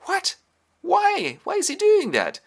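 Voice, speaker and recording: A man voicing a rash, excitable young prince officer who stammers and rushes, in a comic retelling with toy figures. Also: a little high, pitched above the performer's own voice. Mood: agitated. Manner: flustered, stammering, eager.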